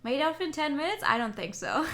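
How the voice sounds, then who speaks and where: A woman on a gaming stream, reading a visual novel aloud with excitable, giggly reactions. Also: high voice, brisk, music in the background. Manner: excitable, giggly, swears casually.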